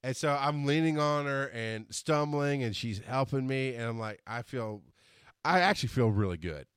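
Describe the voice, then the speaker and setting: A man hosting a podcast, telling a story in a casual monologue, animated and quick to laugh as he acts out scenes. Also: medium pitch, clear, resonant tone, no echo, studio quality. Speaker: podcast host.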